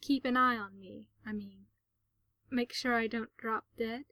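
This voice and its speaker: A woman voicing a sickly, eager young boy in a storybook reading, speaking softly and earnestly. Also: a little high, steady tone, measured pace, no echo. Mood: hopeful.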